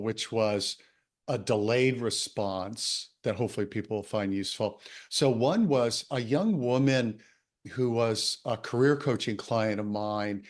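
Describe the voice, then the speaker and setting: A man, a coach and author, telling a story in a casual conversation, animated and laughing often. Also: medium pitch.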